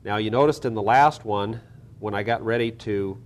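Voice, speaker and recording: A man's voice: lowish voice, normal speed. A man teaching soil science, talking methodically through a hands-on lab demonstration with small restarts.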